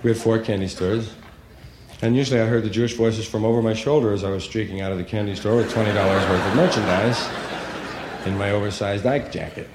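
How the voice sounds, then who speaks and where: A man doing a stand-up comedy routine, telling rambling, profane, animated stories. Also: fairly low pitch, fast, long reverb tail, noisy background.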